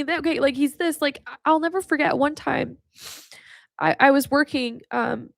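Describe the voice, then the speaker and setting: Gravelly, outspoken woman podcast host. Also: high-pitched, moderate pace, dry recording, studio quality. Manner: candid, swears freely, speaks with emotion; talks straight to the listener, calls them honey. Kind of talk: casual faith teaching.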